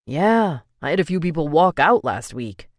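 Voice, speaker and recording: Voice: medium pitch, big pitch swings, moderate pace, no room sound, studio quality, lightly acted. A narrator voicing a blunt young man who manages a restaurant and swears casually, read in an audiobook. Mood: urgent.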